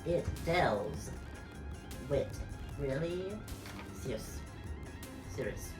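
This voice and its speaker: Deep-voiced woman teasing through a slow reading. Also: expressive. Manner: playful teasing, drawn-out delivery. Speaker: drag performer and co-reader. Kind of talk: comic dramatic reading of a fanfic. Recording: echoey room with clear music behind.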